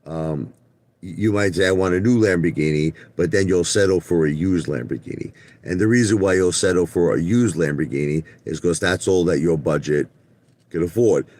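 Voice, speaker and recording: A man's voice: sits low, animated, normal speed, a little mellow. A man hosting a live stream, talking bluntly to his viewers and often stumbling and repeating himself. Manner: blunt, repetitive, stumbles and restarts; talks straight to chat viewers by name. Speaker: livestream host. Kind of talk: ranting live stream talk.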